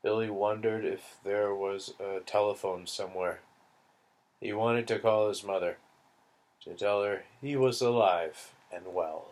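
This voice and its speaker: A man reading a novel aloud in a slow, deliberate manner. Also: fairly low pitch, a little mellow. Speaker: audiobook reader.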